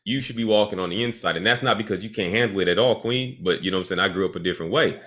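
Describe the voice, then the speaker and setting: A man's voice: low voice, rapid-fire, bright, forceful tone. A man hosting a casual podcast chat, laid back, retelling stories and acting out what people said. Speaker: podcast host.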